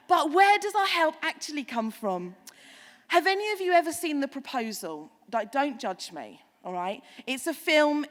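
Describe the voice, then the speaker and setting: A woman pastor giving a sermon, chatty and animated, with playful asides to the congregation. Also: high voice, big-room sound.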